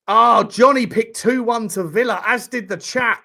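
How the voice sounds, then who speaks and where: Man, fairly high voice, live stream host, excitable, swears a lot, laughs often. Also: normal speed, vocal fry. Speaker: host of a football watchalong stream. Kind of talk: live-stream reaction chat.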